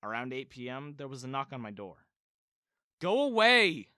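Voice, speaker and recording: A man narrating an animated story in the first person, telling it expressively. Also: medium pitch, fast, smooth, no echo, clean studio sound.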